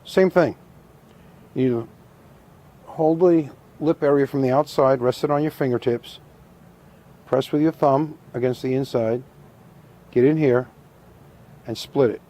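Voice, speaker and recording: Calm, methodical man demonstrating a craft. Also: mid-range voice, a little slow, pauses often. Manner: calm, methodical, repeats instructions, dry humor. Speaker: taxidermy instructor. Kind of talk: hands-on demonstration.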